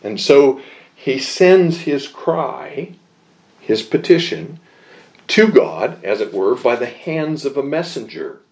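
A man teaching a Bible lesson in a measured, deliberate way, pausing often with small fillers and leaning into the verses he quotes. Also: medium pitch, big pitch swings, darkish tone. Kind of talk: slow expository Bible lesson.

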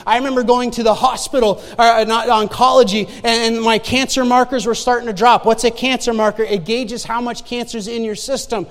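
A man's voice: extremely high pitch, steady tone, brisk, few pauses. A male pastor preaching a sermon, telling a personal story with emphatic repetition and asking the congregation for an "Amen.". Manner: emphatic, repeats key phrases, asks the congregation "Amen?". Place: church sanctuary. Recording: long reverb of a church hall.

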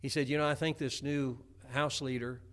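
A man's voice: mid-range voice, level tone, normal speed. A middle-aged man preaching a homespun sermon, chatty, with many stammered restarts. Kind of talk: folksy sermon.

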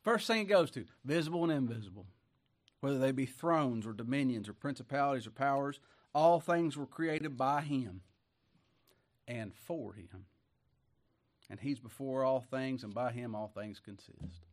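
A male preacher, delivering a folksy sermon full of rhetorical questions and soft chuckles, dropping to hushed asides and rising to emphatic points. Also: mid-range voice, expressive, moderate pace. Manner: swings between hushed asides and emphatic outbursts.

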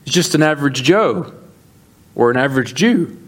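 A pastor preaching a sermon, earnest, slowing down to stress key points and acting out the dialogue of scripture. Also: male voice, mid-range voice, lively intonation. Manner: earnest preaching, slows for emphasis, acts out dialogue.

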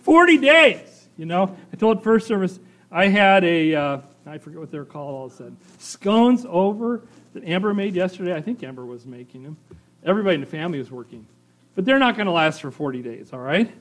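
A middle-aged man with a high-pitched voice preaches a sermon to his congregation. He talks in a loose, conversational way, reads passages aloud and tosses in "right?" and "you know" between points. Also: animated, brisk. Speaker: pastor.

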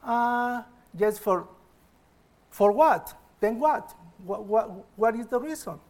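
An unhurried village fisherman, a man of simple words who keeps asking "then what?", as a preacher acts him out in a sermon story. The voice sits high and plain. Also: animated, darkish tone, full character voice. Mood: puzzled.

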